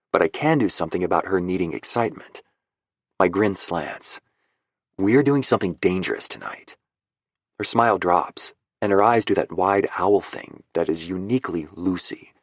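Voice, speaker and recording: Male audiobook narrator, low voice, wry and easygoing, dry close read. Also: no room sound. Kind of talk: first-person romance narration.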